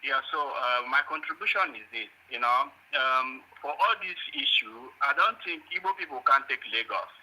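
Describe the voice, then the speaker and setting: A man's voice: mid-range voice, lively intonation, moderate pace, few pauses, sharp tone, rough recording. A man calling in to a talk show, insistent, with hesitant fillers. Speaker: caller.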